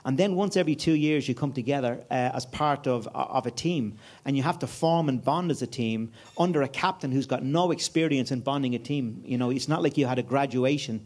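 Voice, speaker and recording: An Irish man in his fifties speaks as a guest at a conference. He tells stories in a loose, chatty way, full of fillers and restarts, with a voice of middling pitch. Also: fairly quick, hardly any pauses, darkish tone. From Ireland. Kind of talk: anecdotal conference chat. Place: conference room before an audience.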